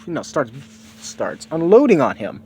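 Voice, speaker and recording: A man's voice: a little high, wildly swooping pitch, moderate pace, warm tone, slightly rough. A man casually improvising a story, rambling and swearing freely. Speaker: streamer.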